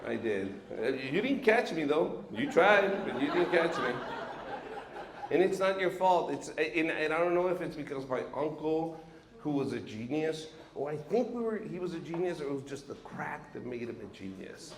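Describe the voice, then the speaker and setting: A man from Mexico doing a stand-up comedy set on a stage, telling animated stories and acting out the characters in them. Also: a little high, normal speed, background noise. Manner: animated storytelling, acts out characters, laughs between bits. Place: stage at a live venue. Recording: roomy live venue sound.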